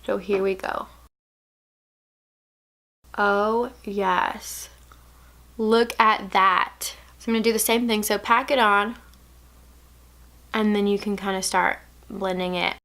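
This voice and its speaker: A young woman from Alabama with a Southern accent, chatting casually through a makeup tutorial, playful and drifting into soft asides. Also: mid-range voice, steady tone, moderate pace. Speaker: beauty vlogger.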